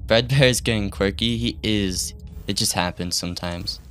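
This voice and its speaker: A young man streaming a horror game, reacting with laughs, yelps and quick commentary. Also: fairly low pitch. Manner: excitable, laughing, yelping reactions. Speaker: gaming streamer.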